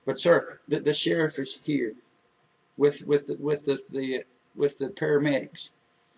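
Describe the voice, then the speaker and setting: A man telling an emotional personal story in an earnest, halting way, with many restarts. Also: on the high side, fairly even intonation, creaky, breathy edge, recorded from a distance, poor audio.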